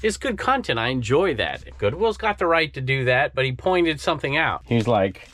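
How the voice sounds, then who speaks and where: A man's voice: mid-range voice, very animated, normal speed, fairly bright tone. A man reselling secondhand goods, talking casually to camera in an opinionated, rambling way. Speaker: reseller vlogger.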